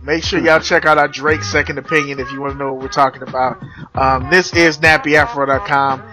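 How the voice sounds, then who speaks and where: A man hosting a casual podcast, teasing and joking loudly with plenty of profanity. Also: medium pitch, steady tone, brisk, music in the background. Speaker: podcast host. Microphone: remote call.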